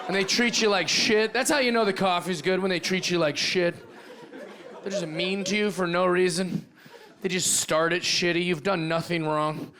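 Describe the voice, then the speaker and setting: A male stand-up comedian doing a brash, profane set, slipping into quick character voices. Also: high voice, steady tone. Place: comedy club stage with live audience. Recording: live club set with loud crowd laughter. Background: audience laughing.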